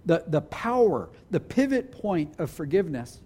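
A man preaching a sermon to a congregation as pastor, earnest, restarting phrases and slowing down to stress key words. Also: a little high, sing-song, dark tone, breathy edge. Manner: earnest, with restarts and slowed emphasis. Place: church hall with a congregation.

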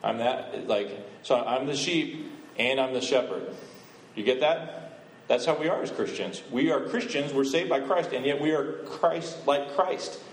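A man's voice: medium pitch, measured pace, roomy sound, low-quality recording. A man giving a conversational sermon as a visiting missionary speaker, often asking the congregation questions. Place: church.

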